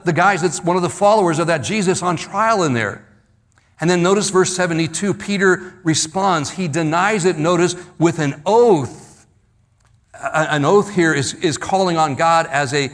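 Guy preaching a bible sermon, kinda high voice, slows way down and goes low on the big words. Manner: slows and drops low for emphasis, repeats words. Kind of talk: expository sermon.

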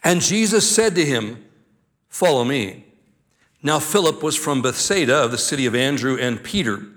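An older man, a grandfather, preaching a sermon as pastor, reading scripture aloud and then teaching with slow, deliberate emphasis on key words. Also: mid-range voice, lively intonation, fairly bright tone.

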